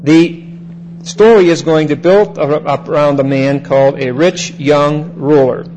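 Bible-teaching male pastor, slightly higher voice. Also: steady tone, a little slow, darkish tone, muffled recording, a little hiss or hum. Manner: teacherly, repeats key phrases and checks in with "Okay?". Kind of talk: expository sermon.

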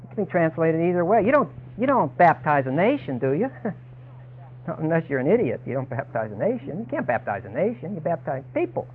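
A man's voice: on the high side, big pitch swings, fairly quick, husky, narrow, tinny audio. A man preaching a sermon, emphatic and dramatic, voicing the people he quotes.

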